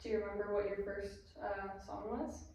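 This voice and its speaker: A woman's voice: mid-range voice, little pitch movement, normal speed, gravelly, darkish tone, slight background noise. Woman interviewer in an echoey room. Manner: asks questions with many fillers. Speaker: podcast interviewer. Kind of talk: casual interview. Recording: echoey room, distant mic.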